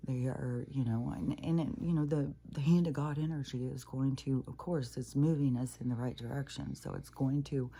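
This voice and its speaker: Low raspy-voiced woman just rambling, swearing a lot, dark tone. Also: fairly even intonation, moderate pace, few pauses. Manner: profane, blunt, rambling with many restarts. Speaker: spiritual talk creator. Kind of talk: casual rambling monologue.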